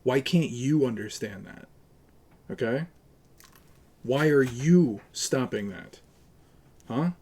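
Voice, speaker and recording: A man's voice: mid-range voice, animated, takes it slowly, long pauses, a little mellow, slightly rough. A man livestreaming, ranting to his chat in a profane, argumentative and sarcastic way. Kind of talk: casual live-stream rant to chat.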